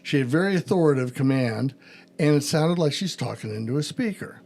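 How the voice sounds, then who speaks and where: Animated gravelly-voiced man telling a story. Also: fairly high pitch, brisk. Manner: animated storyteller acting out phone calls. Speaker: podcast host and pastor. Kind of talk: storytelling in casual chat.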